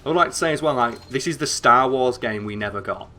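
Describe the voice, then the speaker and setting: Excitable sweary northern English man. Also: mid-range voice, fast talker, slight background noise. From northern England. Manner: excitable, sweary, rambling with frequent "like" fillers. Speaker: streamer. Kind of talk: casual gameplay commentary.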